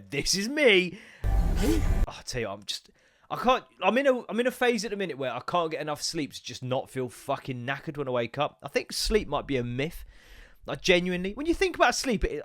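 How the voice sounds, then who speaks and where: A man talks through a solo podcast in a loose, rambling, sweary way, breaking now and then into goofy voices. He sounds congested, as if fighting a cold. His voice sits at a middle pitch and the sound is close and dry. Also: a bit bright, no echo. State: congested, bunged up. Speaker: podcast host. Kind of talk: solo casual podcast rant.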